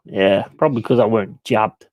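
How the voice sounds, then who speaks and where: A man's voice: lowish voice, a little fast, darkish tone, no room sound. A middle-aged man hosting a live stream, ranting bluntly and swearing freely in casual chat. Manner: mimics other people in quoted voices. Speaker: livestream host.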